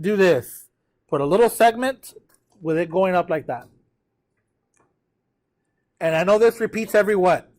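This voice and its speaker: Tired male math teacher, high voice. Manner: checks in with students often. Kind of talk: live classroom lecture at a whiteboard.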